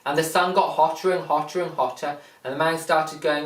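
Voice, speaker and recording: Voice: mid-range voice, steady tone, brisk. A motivational speaker explaining a point plainly and emphatically, retelling a fable with lots of repetition. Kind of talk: motivational talk with a retold fable. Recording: echoey room, mic far off.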